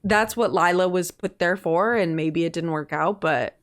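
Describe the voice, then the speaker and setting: A woman co-hosting a book club podcast, summarizing the story in relaxed, casual chat and quoting the characters. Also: fairly low pitch, moderate pace. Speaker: podcast co-host.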